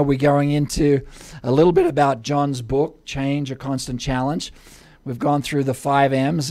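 Jokey Australian host, dry sound. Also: male voice, mid-range voice, a little mellow, dry recording. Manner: jokey, self-deprecating banter. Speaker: podcast host. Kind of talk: casual interview chat.

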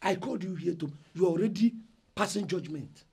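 An actor with a Nigerian accent playing an indignant eldest brother who loudly lectures his family about his inheritance rights. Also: high-pitched, brisk, creaky, breathy edge, heavily acted. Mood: angry. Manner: loud, agitated, lecturing. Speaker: eldest son in a family dispute. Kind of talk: Nollywood film acting.

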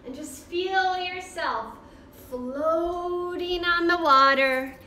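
A woman's voice: very high-pitched, drawn-out words, pushed and bright. Sing-song woman leading kids' yoga, echoey. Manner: cheerful, sing-song, encouraging children. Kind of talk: guided kids' yoga class. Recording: roomy echo from far off.

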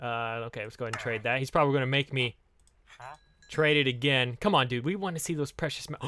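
A man giving excitable, giggly Let's Play commentary while he plays. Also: mid-range voice, fast talker, no room sound. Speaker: gaming channel host.

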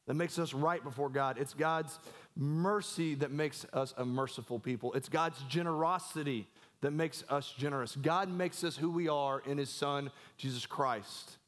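A man's voice: a little high, unhurried, fairly bright tone. Earnest male pastor preaching. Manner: earnest, repeats words, asks and answers his own questions. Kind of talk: sermon.

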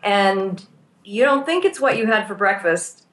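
A woman's voice: mid-range voice, expressive, a little slow, a bit bright, echoey room. A woman who works as a therapist and teaches pastoral care, explaining her ideas thoughtfully in a conversational interview and walking through examples.

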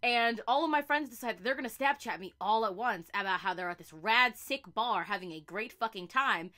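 A young woman vlogging a comedic, profane rant to camera, exasperated and bursting into loud outbursts. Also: on the high side, animated, brisk.

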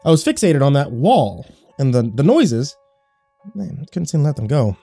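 A man's voice: mid-range voice, very animated, moderate pace, vocal fry, dark tone, breathy edge, dry recording, faint music behind. A man giving scripted horror story narration in a wry, sarcastic first-person tone.

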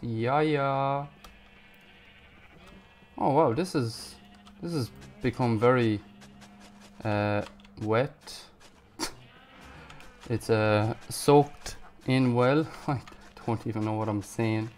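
A man giving casual gameplay commentary, panicking, swearing and yelling at enemies. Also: mid-range voice, very slow, long pauses. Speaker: gaming YouTuber.

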